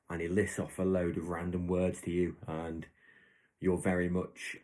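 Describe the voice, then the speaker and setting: Deep-voiced and a little mellow, this podcast host talks at a moderate pace with little pitch movement. Alone on the mic, he rambles casually through made-up scenarios, often restarting and fixing what he just said.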